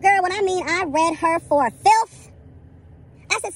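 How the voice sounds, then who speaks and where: A woman's voice: very high-pitched, a little slow, long pauses. A woman telling a story as a casual vlog rant, sassy and profane, dramatic, calling the listener "girl" again and again. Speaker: vlogger.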